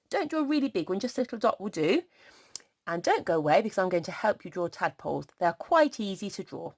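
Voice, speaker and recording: Low-voiced woman teaching small children. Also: big pitch swings, darkish tone. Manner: slow, sing-song and encouraging, sounding out letters. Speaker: primary school teacher. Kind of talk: teaching young children to write a sentence.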